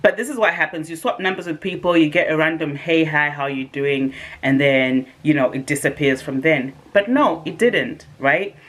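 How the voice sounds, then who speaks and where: A British woman vlogs to her viewers, telling a personal story in casual, lively speech. She acts out the lines of the people in it. Her voice sits a little on the low side. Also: moderate pace, hardly any pauses. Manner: animated, dramatic retelling with quoted asides. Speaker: vlogger.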